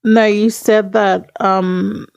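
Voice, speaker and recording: A woman's voice: mid-range voice, level tone, drawn-out words, vocal fry, darkish tone, smooth, no room sound. A woman co-hosting a podcast in casual chat, rambling and hesitant with many fillers. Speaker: podcast co-host.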